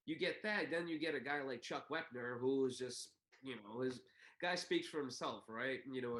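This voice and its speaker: A man co-hosting a podcast, telling a story in casual chat and acting out quotes with big jumps in pitch. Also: a bit bright. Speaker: podcast co-host. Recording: roomy echo.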